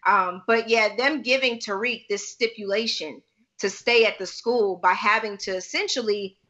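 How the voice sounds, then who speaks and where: A woman's voice: mid-range voice, normal speed, bright, forceful tone, dull audio. A young adult woman co-hosting a podcast, chatting casually in an emphatic, slangy way. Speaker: podcast co-host. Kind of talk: casual chat.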